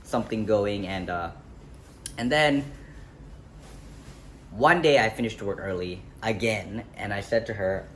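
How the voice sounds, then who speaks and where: A man's voice: on the low side, unhurried, long pauses. A young man telling a personal story in a casual vlog, rambling and correcting himself with lots of fillers. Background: faint street ambience, passing traffic.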